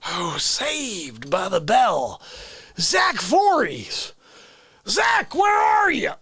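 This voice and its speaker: A man voicing a rowdy, boozy male character in live improv comedy, shouting and breaking into giggles. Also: sits high, wildly swooping pitch, very slow, breathy edge, no room sound, heavily acted. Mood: slurring. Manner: squealing shouts and giggling fits. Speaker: livestream comedy host.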